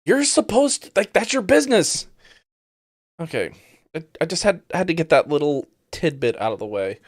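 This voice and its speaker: A man's voice: fairly high pitch, sing-song, moderate pace, no echo, clean studio sound. A man hosting a podcast who reacts to news clips bluntly and sarcastically, swearing often. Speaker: podcast host. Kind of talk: casual commentary on news clips.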